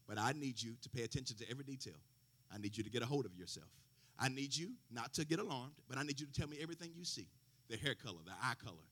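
A grim, steely father speaks low and clipped, a cold menace under tight control, as a preacher puts him on. The voice drops well below his own and stays hushed and measured. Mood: calm commanding. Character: stern grim father threatening kidnappers.

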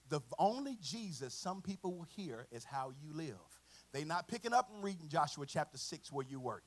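A man preaching a sermon, swinging from a quiet storytelling voice to chanted, shouted climaxes. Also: high-pitched. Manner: chanting, shouted climaxes with congregational call and response; drops to a quiet conversational storytelling voice.

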